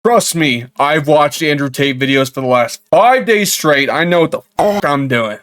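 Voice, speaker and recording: A man's voice: on the high side, lively intonation, moderate pace, fairly bright tone. A man doing comedic reaction commentary on creepy messages, sarcastic, laughing often and swearing.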